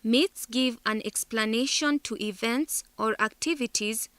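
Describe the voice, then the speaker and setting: Slow, bright-voiced woman teaching. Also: a little high, clear, resonant tone, no echo. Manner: deliberate, spells out syllables carefully. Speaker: teacher narrator. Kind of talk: scripted lesson narration.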